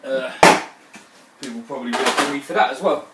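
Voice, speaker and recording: A man's voice: medium pitch, brisk. A man chatting casually and swearing as he works through a home brew day, talking straight to his viewers. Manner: chatty, sweary, prone to exclamations. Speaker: home brewer. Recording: roomy, distant mic, faint background noise.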